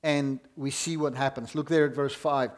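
A man preaching a sermon in an earnest, emphatic way, leaning hard on slow, stressed words. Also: mid-range voice, steady tone.

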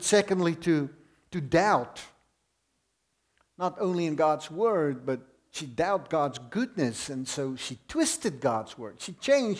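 A man preaching a sermon in an earnest, emphatic way, leaning hard on slow, stressed words. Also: a little high.

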